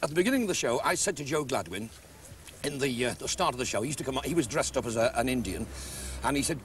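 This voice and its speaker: An older man telling a comic showbiz anecdote in a lively storytelling manner. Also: mid-range voice, quick pace, distant mic, slight background noise. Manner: lively storyteller, breaks into laughter. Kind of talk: casual anecdote.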